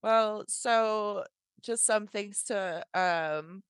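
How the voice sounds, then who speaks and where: A woman's voice: medium pitch, very slow, clear, resonant tone, no echo. A woman co-hosting a podcast over a video call, talking casually in a blunt, joking, emphatic way. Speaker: podcast co-host. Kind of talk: casual chat.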